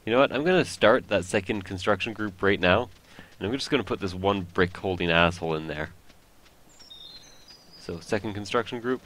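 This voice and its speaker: A man's voice: on the low side, moderate pace, fairly bright tone, a little hiss or hum. A man whose first language is French, rambling and joking at his own expense while commenting on a video game. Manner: rambling, joking, self-mocking. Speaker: let's play host.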